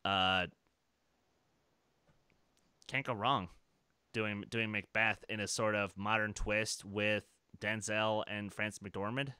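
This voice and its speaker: Bright, clear-voiced man hosting a podcast. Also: lowish voice, little pitch movement, takes it slowly, pauses often, dry recording, studio quality. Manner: enthusiastic, rambling, laughs often. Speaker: podcast host. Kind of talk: casual podcast chat.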